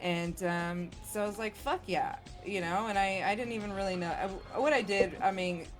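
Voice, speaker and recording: A woman's voice: medium pitch, fairly even intonation, brisk, faint music behind. A young woman, a guest on a stream talk show, chatting in a laid-back way, swearing casually and laughing often. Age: young adult. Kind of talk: casual chat.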